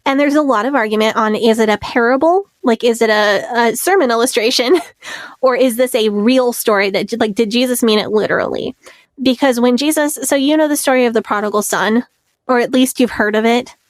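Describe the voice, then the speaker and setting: A woman with a slightly high voice co-hosts a podcast in loose, chatty conversation. She laughs easily and acts out quoted lines as she retells scenes. The recording is dry and close to the mic. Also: brisk, no room sound. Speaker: podcast co-host. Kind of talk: casual podcast chat.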